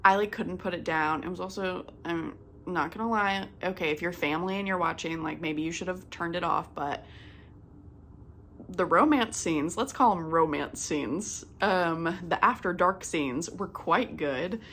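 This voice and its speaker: A woman's voice: fairly low pitch, a little slow, a bit bright, a little hiss or hum. A young woman hosting a cross-stitch vlog, chatting casually and filling her sentences with "like" and "um". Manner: chatty, lots of "like" and "um" fillers. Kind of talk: casual chat.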